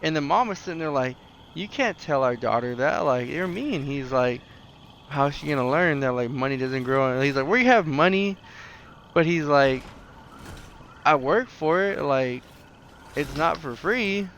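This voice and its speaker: A man's voice: on the high side, lively intonation, normal speed, a bit bright, slight background noise. A young man chatting casually on a podcast, rambling with lots of "like" and "right?", acting out the people in his stories. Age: young adult. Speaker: podcast co-host. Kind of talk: casual chat.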